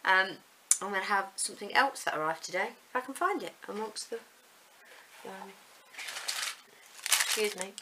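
A woman's voice: medium pitch, expressive, normal speed, pauses often, background noise. A woman, chatting casually and rambling a little as she unboxes yarn. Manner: chatty, rambling, self-deprecating. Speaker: vlogger showing yarn.

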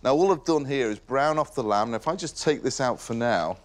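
A man's voice: medium pitch, expressive, fairly quick. Chatty man demonstrating a recipe. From Merseyside, England. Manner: casual and enthusiastic, praising the food. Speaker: cooking show host. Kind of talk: relaxed cooking demonstration.

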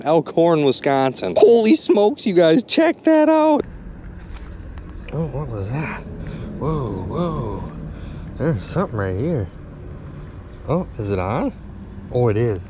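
A young man vlogging outdoors by the water, exclaiming excitedly to his viewers. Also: on the high side. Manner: excitable, exclaiming, addresses viewers as you guys. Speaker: magnet fishing vlogger. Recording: noisy outdoor recording.

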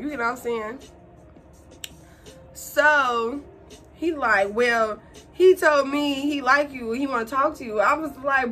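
A young woman vlogger telling a casual story while doing her makeup, animated and slangy, acting out quotes in a higher voice. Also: measured pace, pauses often, soft background music. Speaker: beauty vlogger.

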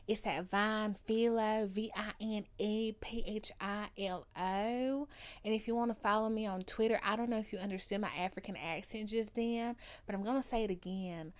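A woman podcaster talking in a loose, casual solo chat at a mid pitch. She is overdramatic and playful, sounds loopy and tired late at night, and swings between murmured asides and big, loud pronouncements. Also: moderate pace, clear, resonant tone. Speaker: podcast host.

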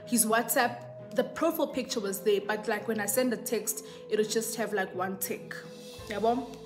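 A woman's voice: medium pitch, normal speed, over music. A young South African woman telling a casual storytime, chatty and switching between English and isiZulu. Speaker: YouTuber.

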